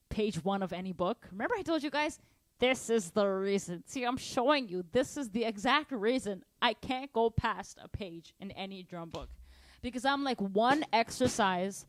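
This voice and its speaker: A young woman teaching a drum lesson on a live stream, energetic and chatty, counting and singing rhythms aloud between grooves. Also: on the high side, dry recording. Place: home drum room. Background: drum kit.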